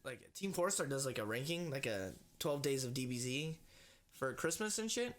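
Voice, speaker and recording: Here the young man's voice sits at medium pitch and moves at normal speed as he co-hosts a laid-back podcast. His storytelling is lively, packed with "like," and full of swearing.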